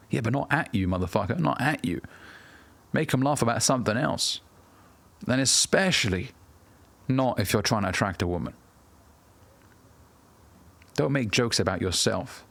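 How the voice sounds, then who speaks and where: A man's voice: on the low side, moderate pace, long pauses, fairly bright tone. A man in his thirties giving blunt, profane self-improvement advice straight to the camera as a coach. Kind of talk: direct-to-camera advice talk.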